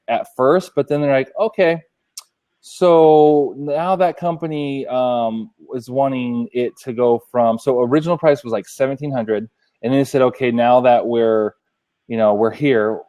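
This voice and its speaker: Male co-host, relaxed mellow tone, acts out phone calls while telling a story. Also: medium pitch. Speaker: podcast co-host. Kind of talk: casual chat.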